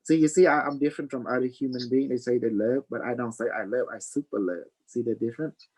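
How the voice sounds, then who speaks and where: A man's voice: medium pitch, fast, darkish tone, breathy edge, poor audio. A man hosting a live stream, rambling loosely and preaching, dropping "you know" and calling people honey. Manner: affectionate, calls listeners honey. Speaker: livestream host.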